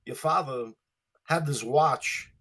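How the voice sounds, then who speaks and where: A man doing a halting, eerie older actor. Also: mid-range voice, a bit bright, husky, full character voice. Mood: ominous. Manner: halting, oddly stressed pauses.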